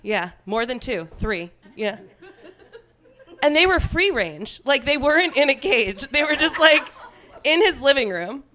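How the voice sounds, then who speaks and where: A woman's voice: high-pitched, sing-song, a little slow, bright, forceful tone. A young woman from Long Island doing a stand-up comedy set on stage, chatty and self-deprecating, laughing at her own jokes.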